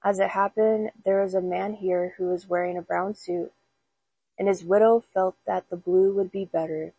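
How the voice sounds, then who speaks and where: A woman voicing a calm, deadpan male undertaker, in a quiet husky storybook reading. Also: medium pitch, moderate pace, no room sound, low-quality recording.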